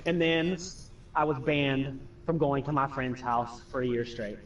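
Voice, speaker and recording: A man's voice: mid-range voice, measured pace, recorded from a distance, highs cut off, a little hiss or hum. A young man casually telling profane stories over gameplay, acting out his friends and family. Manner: animated, profane, acts out quoted friends and family. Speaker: streamer telling stories while playing.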